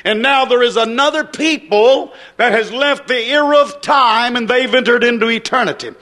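A man's voice: very high voice, normal speed, bright, forceful tone. A man preaching a sermon with an emphatic, repetitive cadence.

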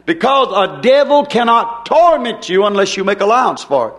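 A man's voice: high-pitched, big pitch swings, moderate pace, few pauses. A man preaching a sermon in a folksy, emphatic way, often turning to the congregation with rhetorical questions.

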